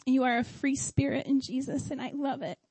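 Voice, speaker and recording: A woman's voice: high voice, fairly even intonation, brisk, a little mellow, slightly rough, no echo, rough recording. A middle-aged woman giving a heartfelt sermon at a church service. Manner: heartfelt, tearful at times.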